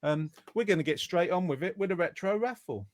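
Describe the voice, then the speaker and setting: A man hosting a casual live stream, chatty and joking with quick asides. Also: high voice, animated. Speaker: host. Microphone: close mic.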